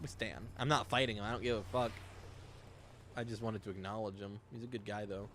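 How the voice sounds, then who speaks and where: A man's voice: on the low side, fairly even intonation, brisk, a bit bright, slight background noise. A young man chatting casually while streaming a game, rambling and swearing freely. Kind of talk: casual gameplay commentary.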